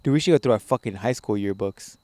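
A young man hosting a podcast, telling profane, animated stories in a casual chat. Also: fairly low pitch, quick pace, no echo. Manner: profane, animated storytelling with laughs. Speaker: podcast host.

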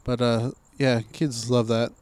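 A man's voice: mid-range voice, little pitch movement, a little slow, a little mellow, clean tone, no room sound. A man co-hosting a podcast in casual chat, laid-back and wry, swearing freely. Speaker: podcast co-host.

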